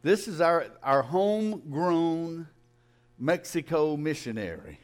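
A man, a pastor making relaxed, folksy remarks during a church service. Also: on the high side, slow pace. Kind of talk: casual church announcements. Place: church sanctuary.

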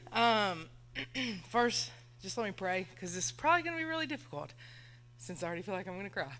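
A woman's voice: medium pitch, animated, brisk, fairly bright tone. A woman, a missionary sharing a nervous, chatty testimony in church. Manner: nervous, chatty, laughs often. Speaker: missionary speaking to the congregation. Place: church sanctuary.

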